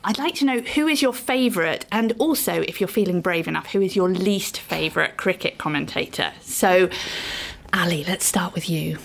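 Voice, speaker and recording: A woman's voice: on the low side, normal speed, gravelly. Chatty woman hosting a panel. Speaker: podcast host.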